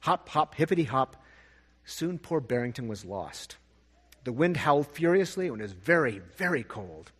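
A man reading a storybook aloud in a gentle, expressive way, with a husky voice. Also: medium pitch. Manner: gentle, expressive, slow at sad parts. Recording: long reverb.

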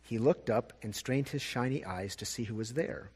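A man reading a storybook aloud in a gentle, expressive way, with a husky voice. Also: mid-range voice. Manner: gentle, expressive, slow at sad parts. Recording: long reverb.

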